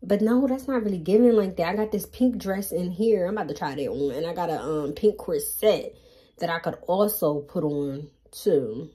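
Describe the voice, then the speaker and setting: A young woman vlogging in casual, slangy chat, talking into her phone, nervous and excited. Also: fairly low pitch, normal speed, slightly rough. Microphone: phone held by hand. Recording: music playing behind.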